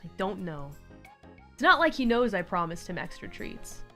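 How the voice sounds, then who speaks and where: A woman hosting a relaxed live stream from home, chatting casually, laughing often and cooing at her cat. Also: medium pitch, moderate pace. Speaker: livestream host. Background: faint background music.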